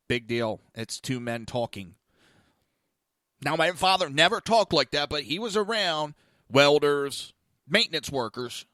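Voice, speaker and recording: A man's voice: no room sound, clean studio sound. Blunt, crude male podcast host. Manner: blunt and crude, swings from loud rants to low asides. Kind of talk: opinionated talk show monologue.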